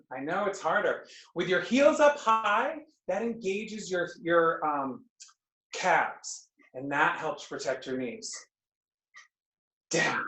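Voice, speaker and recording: A woman leading a fitness class over a video call, counting reps and calling out cues in an unhurried way. Her voice carries the echo of a bare room at home. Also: sits low, fairly bright tone. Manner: brisk counting and cueing, playful asides. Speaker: fitness instructor. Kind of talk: live online exercise class. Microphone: computer mic on a video call. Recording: echoey room.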